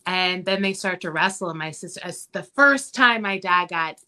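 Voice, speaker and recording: A woman guest telling family stories in a casual interview, chatty with many pauses and fillers. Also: fairly low pitch. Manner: chatty, many ums, animated when quoting.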